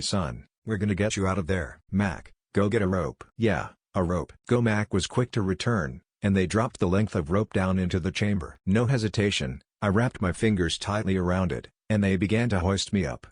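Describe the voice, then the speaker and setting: A man narrating a first-person horror story in a measured, grave scripted reading. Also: deep voice, no echo, studio quality.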